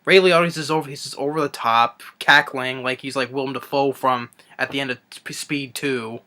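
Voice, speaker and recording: A young man ranting through a movie review, exasperated and halting, with many restarts and trailing sighs. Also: mid-range voice, fairly even intonation, bright, forceful tone.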